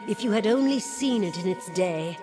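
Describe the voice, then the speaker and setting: An actress voicing a weary, devoted female steward of a cursed keep, speaking in a measured, wistful, solemn way. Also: medium pitch, animated, close to an everyday voice. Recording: game dialogue over loud game music.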